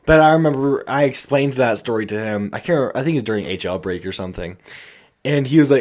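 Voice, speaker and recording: Casual podcast co-host, male, animated storyteller, average pitch. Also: fast. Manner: animated storyteller, acts out quotes. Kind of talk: casual chat.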